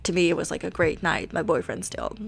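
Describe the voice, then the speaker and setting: A woman's voice: lowish voice, big pitch swings, brisk, gravelly, slightly rough, faint music behind. A woman in her late twenties chatting casually and laughing at herself while she plays a game. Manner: chatty and self-mocking, laughs often, swears casually. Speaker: Sims gaming YouTuber. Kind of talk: casual chat over gameplay.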